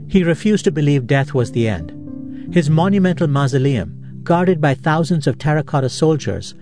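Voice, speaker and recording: A man hosting a podcast, giving measured, reflective scripted narration in a studio. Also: on the high side, a little mellow. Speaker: podcast host.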